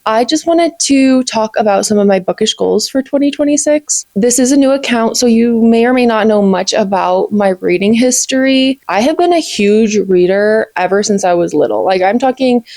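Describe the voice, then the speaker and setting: A woman's voice: mid-range voice, a little mellow, no room sound. A woman, chatting eagerly to camera as a book vlogger, gushing and peppered with "like". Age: 20s. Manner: bubbly and gushing, many "like"s. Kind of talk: casual chat to camera.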